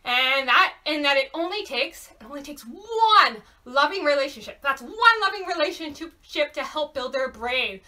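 Very high, bright-voiced storytime woman. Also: normal speed. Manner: bouncy, animated sing-song. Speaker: library storytime host. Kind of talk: singing and talking to parents and babies. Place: at home. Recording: voice a bit far from mic.

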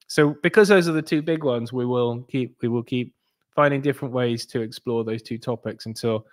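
Rambling, animated man talking to viewers. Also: a little high. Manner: rambling, animated, many restarts and asides. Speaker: crypto channel host. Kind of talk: casual monologue to viewers.

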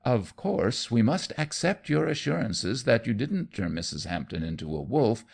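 A man voicing a cynical young gentleman, contemptuous and dryly polite. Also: medium pitch, sing-song, normal speed, gravelly, husky, pitched above the performer's own voice, exaggerated voice. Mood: dry mockery.

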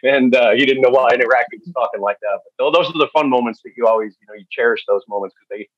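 A man shares stories as a podcast guest. He speaks candidly and haltingly, with lots of fillers, at a mid pitch. The recording sounds dry and a little dull. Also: no room sound. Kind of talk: storytelling interview.

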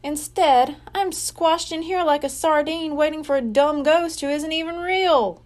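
A grumpy young boy grumbles his complaints in a high, pinched voice, as a woman reading a storybook puts him on. His lines come out loud and a bit whiny. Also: a little slow.

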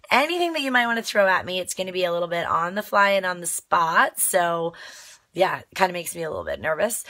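A woman with a naturally raspy voice, made hoarse by a cold, chatting upbeat on a casual live video from a small cozy nook in a bedroom. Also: lowish voice, pushed and bright. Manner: chatty and upbeat, with many fillers. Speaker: fitness coach and radio show host.

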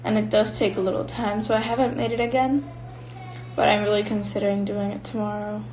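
A woman's voice: mid-range voice, level tone, fairly quick, darkish tone, rough recording. A young woman from Finland, casually chatting with fans on a live stream and answering their comments while she eats. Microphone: phone or built-in mic.

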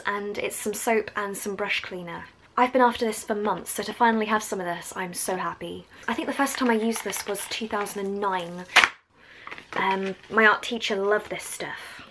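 A woman's voice: medium pitch, fairly bright tone, slight background noise, low-quality recording. Young English woman, strong Essex accent, bubbly vlogger who chats and wanders off on tangents. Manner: chatty and enthusiastic, going on tangents. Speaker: art vlogger. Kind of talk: casual vlog talk. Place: at home.

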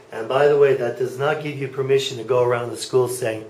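A man's voice: mid-range voice, steady tone, fairly quick, few pauses, darkish tone. A man teaching a German class, patiently explaining and checking in with students as he goes. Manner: patient, checks in with frequent okays. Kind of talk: classroom lecture. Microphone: far camera. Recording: echoey classroom from far off.

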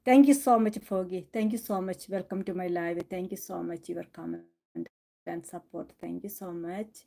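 A woman's voice: fairly low pitch, fairly even intonation, normal speed, creaky, dark tone. A woman chatting casually on a live stream, doting on her cat and laughing often. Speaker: cooking channel host.

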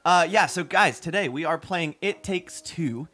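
A man co-hosting a gaming video, chatting casually through gameplay and breaking into excited shouts and cheers. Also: fairly high pitch, a little slow. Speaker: gaming channel co-host. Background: game music.

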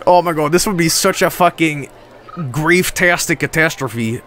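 A man streaming a game, commentating casually and excitably, swearing often and laughing a lot. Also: a little high, normal speed, slight background noise.

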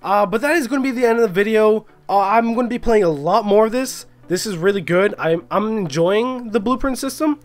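A young man giving casual, excitable gameplay commentary, swearing and chatting with other players. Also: sits high, brisk, hardly any pauses. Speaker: gaming YouTuber.

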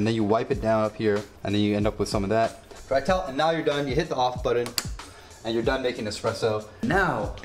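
A man casually demonstrating a home coffee setup, chatty and rambling with joking asides. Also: mid-range voice. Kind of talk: casual product demo. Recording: echoey room with faint music.

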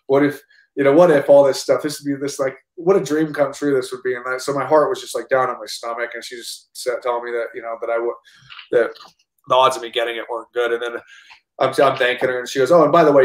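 Man, 30s, American, rapid animated storytelling, frequent restarts, echoey room. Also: mid-range voice. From United States. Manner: animated, rambling with many restarts and casual swearing. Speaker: actor and army veteran, guest. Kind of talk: casual storytelling interview. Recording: roomy echo.

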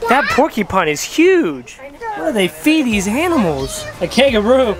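A woman's voice: on the high side, very animated, moderate pace, crowd noise, low-quality recording. A woman filming a casual family vlog outdoors at a farm, upbeat and playful as she points out the animals. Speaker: family vlogger. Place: outdoors at a farm petting zoo.

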